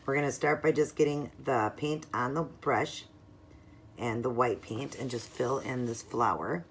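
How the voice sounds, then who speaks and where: A woman walking viewers through a nail art tutorial in a chatty, step-by-step way, sometimes murmuring softly while she works. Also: rumbling low, a little slow, slight background noise. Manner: chatty, explains each step, drops into soft murmurs while working.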